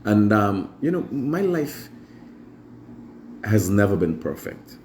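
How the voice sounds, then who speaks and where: A man's voice: on the low side, big pitch swings, takes it slowly, darkish tone, a little hiss or hum. A Guyanese man hosting a live morning show, telling stories animatedly and imitating his mother. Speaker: show host. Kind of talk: casual storytelling monologue.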